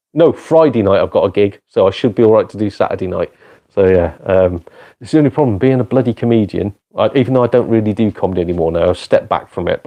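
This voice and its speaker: Chatting loosely with his stream audience, this man has a low, mellow voice. He's a gaming live streamer and part-time comedian who is self-deprecating and quick to swear and laugh.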